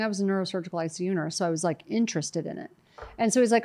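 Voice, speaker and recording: A woman's voice: medium pitch, rapid-fire. Chatty middle-aged woman telling stories. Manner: animated storytelling, quotes herself and others. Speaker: guest. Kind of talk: conversational interview.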